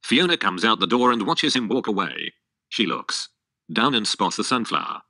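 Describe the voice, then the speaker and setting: A male text-to-speech narrator reading stage directions with flat, oddly stressed delivery. The voice is low and extremely bright. It sounds dry and very close. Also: normal speed, no room sound.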